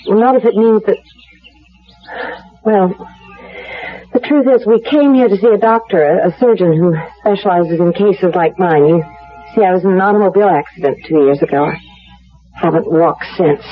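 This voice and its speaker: A woman's voice: fairly low pitch, normal speed, long pauses, close to an everyday voice. An actress playing a frank, cheerful young woman on crutches, in a 1970s radio drama. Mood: earnest. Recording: dull, muffled old radio broadcast.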